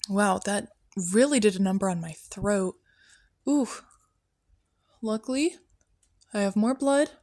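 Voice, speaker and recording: A woman's voice: mid-range voice, no echo. Woman rambling along in character as a prophet, offhand, dry close sound, mid voice. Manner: rambling, offhand, full of "um" and "like", tangents. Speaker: podcast host in character as a prophet. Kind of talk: rambling comedic monologue.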